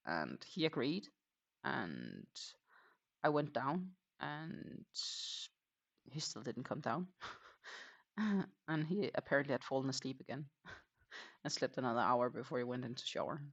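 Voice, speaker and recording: A crochet livestream host chatting casually while working, rambling with lots of hesitations and quietly counting stitches. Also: mid-range voice, very animated, unhurried, long pauses, dull audio. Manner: rambling and hesitant, many fillers, counts stitches under breath.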